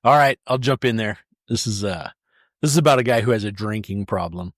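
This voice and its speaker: A man's voice: lowish voice, fairly quick, dry recording, studio quality. A man co-hosting a casual podcast and telling a long joke. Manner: animated storyteller. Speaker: podcast co-host.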